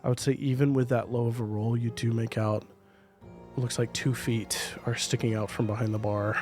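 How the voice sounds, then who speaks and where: A man's voice: mid-range voice, level tone, moderate pace, darkish tone, faint music behind. A man narrating a tabletop game as game master, in a loose, hesitant style.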